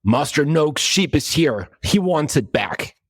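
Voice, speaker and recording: A man voicing a massive, gruff female orc warrior who makes blunt demands. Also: mid-range voice, lively intonation, normal speed, natural voice. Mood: demanding.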